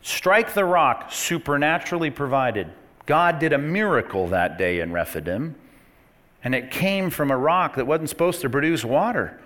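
A middle-aged male pastor giving a conversational sermon in church, dropping low and quiet, then climbing to emphatic peaks. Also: big pitch swings, normal speed.

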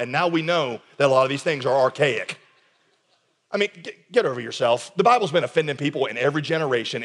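A man preaching as a pastor, emphatic and conversational, swinging between quiet intensity and raised urgency. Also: fairly high pitch. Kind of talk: recorded sermon. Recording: long reverb of a large hall.

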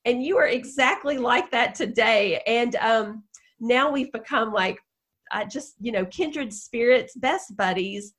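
A middle-aged woman from Georgia, a guest on a podcast, telling her story in an emotional, animated way. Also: fairly high pitch, unhurried. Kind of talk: podcast interview.

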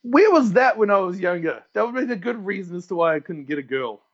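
NZ guy, podcast guest, playful storyteller, laughs a lot, slightly high, dull lo-fi audio. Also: sing-song, fast. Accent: New Zealand. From New Zealand. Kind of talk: casual podcast chat.

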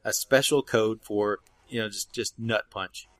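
A man's voice: fairly low pitch, steady tone, unhurried, fairly bright tone, no room sound. Wry man in casual chat. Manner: wry, joking asides. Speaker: podcast co-host.

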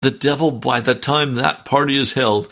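A man's voice: mid-range voice, steady tone, normal speed, fairly bright tone. A man preaching a fervent, emotional sermon and reading scripture aloud.

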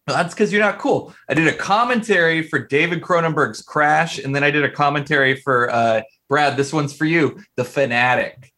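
A man's voice: fairly high pitch, moderate pace, hardly any pauses, pushed and bright. A man co-hosting a podcast, chatting casually and teasing his friends with jokes. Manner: joking, banters and teases. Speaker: podcast co-host. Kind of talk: casual chat.

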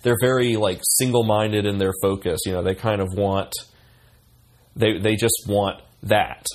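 A man's voice: fairly low pitch, fairly even intonation, a little slow, a little hiss or hum. A man co-hosting a podcast in casual chat, rambling with many fillers and restarts. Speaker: podcast co-host.

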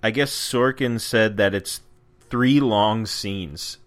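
A man's voice: on the low side, takes it slowly. A man co-hosting a casual chat about movie news, going along easily with his partner. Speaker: podcast co-host.

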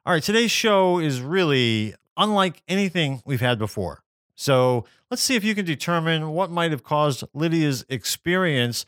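A man hosting a show, introducing the next caller in a lively, conversational way. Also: on the high side, normal speed, smooth, no room sound, studio quality. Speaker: radio show host.

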